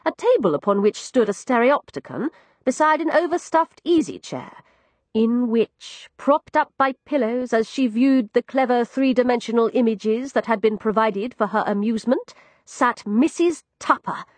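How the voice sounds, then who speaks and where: A woman narrating a story in the first person with wry, expressive delivery. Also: on the high side, normal speed, no echo. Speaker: audiobook narrator.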